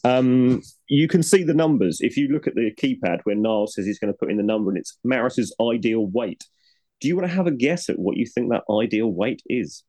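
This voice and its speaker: A man's voice: mid-range voice, animated, fairly quick, dark tone. A man co-hosting a podcast, chatting casually with lots of ums and frequent laughter. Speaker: podcast co-host. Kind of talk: casual chat.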